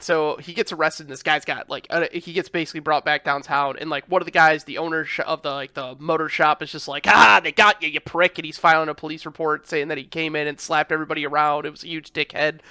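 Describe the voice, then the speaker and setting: Bright, high-voiced man recapping a movie. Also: fast talker, hardly any pauses, clean tone, no room sound. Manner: animated retelling with swearing and mock voices. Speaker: podcast co-host. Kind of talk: casual movie recap chat.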